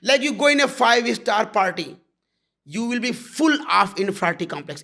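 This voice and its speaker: A man's voice: high-pitched, lively intonation, fairly quick, gravelly, a bit bright. A man giving a satsang talk as a spiritual teacher, blunt and intimate, calling listeners "my love".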